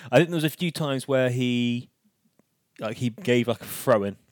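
A man co-hosting a casual football podcast, rambling and animated, restarting his sentences often. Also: mid-range voice, normal speed, dry recording. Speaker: podcast co-host.

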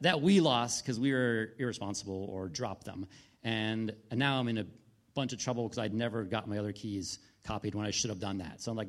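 A man, a pastor in his thirties with a wife and kids, preaching a sermon in a conversational storytelling way, full of restarts and asides. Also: medium pitch.

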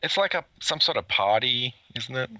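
A man's voice: medium pitch, animated, normal speed, sharp tone, dry recording, lo-fi sound. A man co-hosting a podcast, chatting casually with a light, amused manner and many fillers. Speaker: podcast co-host. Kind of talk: casual chat.

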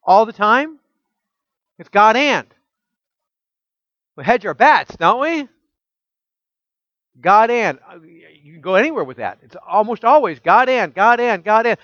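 A man preaching a sermon as pastor, emphatic and full of rhetorical questions, dropping soft and low when quoting scripture. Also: expressive, unhurried, long pauses, no room sound, dull audio.

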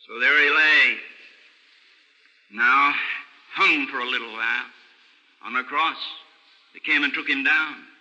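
An older man preaching a sermon, telling the story earnestly and dropping low and soft for sad passages, on an old radio recording. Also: steady tone, a little slow, pauses often, muffled recording. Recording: old radio broadcast recording with long hall reverb.

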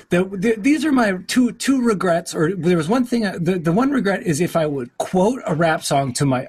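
Man, forties, podcast host, husky voice, rambling, self-deprecating, laughing often, home studio mic. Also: fairly high pitch. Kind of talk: casual conversation. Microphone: home studio mic with a makeshift sound booth.

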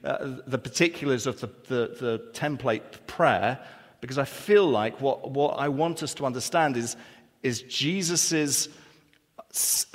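A man's voice: fairly high pitch, fairly bright tone. Earnest male pastor in a reverberant hall. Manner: earnest, rhetorical questions and repetition. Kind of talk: sermon. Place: church hall. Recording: long church reverb.

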